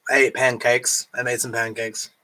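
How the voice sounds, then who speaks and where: A drunk man chats loosely on a late-night live stream, his voice bright and forward. He rambles from one thought to the next, swearing often and chewing food as he talks. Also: medium pitch, level tone, normal speed, rough recording.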